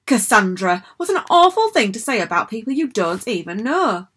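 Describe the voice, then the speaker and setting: A woman's voice: medium pitch, expressive, brisk, bright, forceful tone, slightly rough. A woman voicing a strict, prim female school principal in a storybook reading, scolding in a proper tone.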